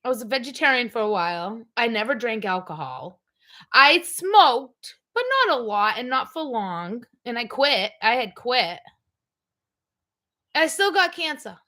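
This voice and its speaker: A woman's voice: fairly high pitch, animated, measured pace, sharp tone. A middle-aged woman hosting a livestream, chatting casually in a blunt, rambling way. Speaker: livestream host. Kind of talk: casual chat.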